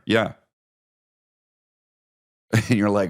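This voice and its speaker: A man hosting a podcast, telling crude, animated comedic stories and riffing with lots of profanity. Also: on the low side, takes it slowly. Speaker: podcast host. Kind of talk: comedic storytelling monologue.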